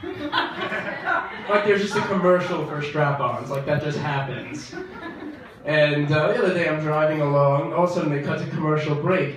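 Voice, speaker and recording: A young man doing a stand-up comedy set in a comedy club, wry and self-deprecating, bursting into loud outbursts. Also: on the high side, lively intonation, a little slow. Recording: echoey club from far off, crowd noise.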